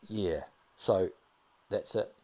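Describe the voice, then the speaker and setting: A man with a New Zealand accent chatting casually while streaming a game, dropping the odd "bloody" and getting excited over finds. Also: low voice, drawn-out words. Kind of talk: casual live-stream commentary.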